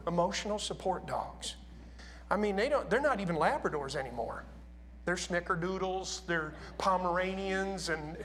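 A man's voice: high voice, expressive, normal speed, fairly bright tone. A man preaching a sermon in a church, talking casually and asking his congregation questions.

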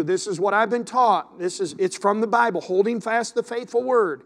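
A male pastor preaching a sermon, reading scripture aloud, repeating words, and asking his congregation questions. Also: high-pitched. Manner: repeats words and restarts sentences.

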